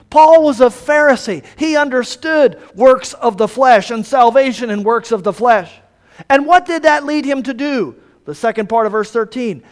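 A man preaching an expository sermon, stressing his points and asking rhetorical questions, often dropping to soft, low phrases. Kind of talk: expository sermon on a Bible letter.

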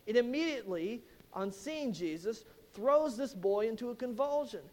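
Guy with a pretty high voice preaching, tells the bible story with lots of emphasis and asks the crowd questions. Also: lively intonation, moderate pace, darkish tone. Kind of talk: sermon, expository Bible teaching.

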